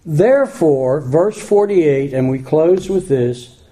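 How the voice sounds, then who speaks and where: Male pastor, sermon, very slow unhurried delivery, dark mellow tone, folksy asides. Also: a little high, expressive. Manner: folksy, self-deprecating asides.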